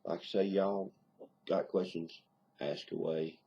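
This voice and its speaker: A married man with a deep Southern accent, talking bluntly and casually to camera in a home video diary, plainspoken with mild cursing. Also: little pitch movement, measured pace, gravelly, dark tone, breathy edge, dull audio. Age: adult, married. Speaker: video diarist.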